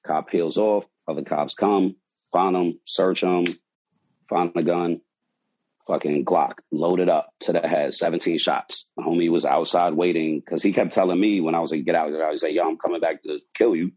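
A man's voice: sits low, moderate pace, dull audio. A man, a bartender, telling a wild story from his shift in a casual, profane way, acting out quotes. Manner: animated, profane, acts out quotes.

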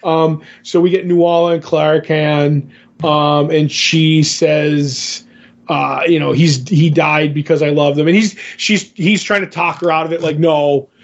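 A man's voice: on the high side, fairly even intonation, measured pace, highs cut off. A man co-hosting a podcast, chatting casually about comics and rambling through fillers and restarts. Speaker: podcast co-host. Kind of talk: casual comic book discussion.

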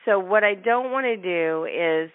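A woman host chatting on a tinny phone line, talkative and quick to laugh. The sound is dry and close, with no room around her. She restarts her sentences now and then as she talks. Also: mid-range voice, no room sound. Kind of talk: casual interview chat.

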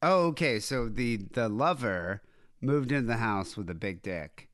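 Lively, crude-joking male co-host. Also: mid-range voice, measured pace, no echo, studio quality. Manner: crude, joking, animated storytelling. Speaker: podcast co-host. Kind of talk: casual chat.

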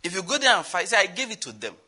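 Animated husky-voiced male preacher. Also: high-pitched, quick pace. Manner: animated, shifts from loud exclamations to quiet asides. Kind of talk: sermon.

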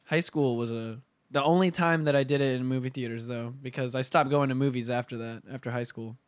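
A man's voice: mid-range voice, steady tone, brisk, clear, resonant tone, no echo. Joking sweary guy cohosting a podcast, medium voice, dry close sound. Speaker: podcast co-host. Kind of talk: casual chat.

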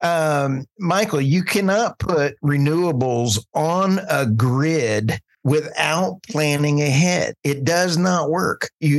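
A man co-hosting an energy news podcast, reading out headlines and quotes and adding amused, folksy comments. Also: on the high side. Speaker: podcast co-host. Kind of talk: casual podcast news discussion.

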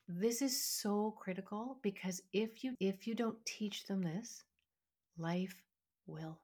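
A woman's voice: mid-range voice, slow pace, a little mellow, breathy edge. Earnest woman hosting a parenting podcast. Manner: earnest, emphatic, acts out parent and child lines. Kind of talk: solo podcast teaching talk.

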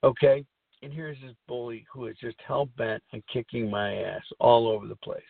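Gravelly and medium in pitch, his voice moves at a moderate pace with no echo, though the recording sounds tinny, like a phone. He's a middle-aged podcast host of a recovery talk show who rambles earnestly and says things more than once.

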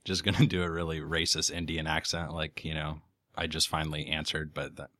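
A man's voice: very deep voice, little pitch movement, brisk, bright, forceful tone. A man co-hosting a podcast in casual chat, sarcastic and swearing casually. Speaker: podcast co-host.

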